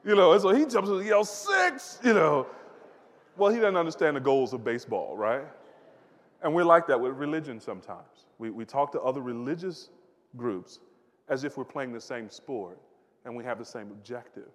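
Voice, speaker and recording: A man's voice: mid-range voice, animated, fairly quick. A male pastor giving a conversational sermon, often repeating words and asking the audience questions. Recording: long reverb of a large hall.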